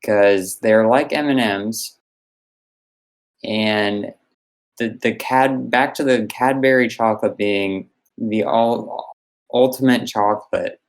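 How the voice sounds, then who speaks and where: A man's voice: on the low side, slow pace, poor audio. A young man co-hosting a podcast, talking earnestly and enthusiastically in casual chat. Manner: earnest, enthusiastic about snacks. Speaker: podcast co-host.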